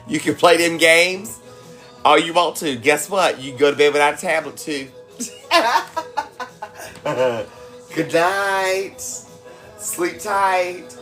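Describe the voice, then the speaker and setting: A woman's voice: low voice, takes it slowly, fairly bright tone, faint music behind. A woman hosting a casual cooking livestream from home, teasing and laughing often as she chats. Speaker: cooking livestream host and mom. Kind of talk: casual live-stream chat. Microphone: phone.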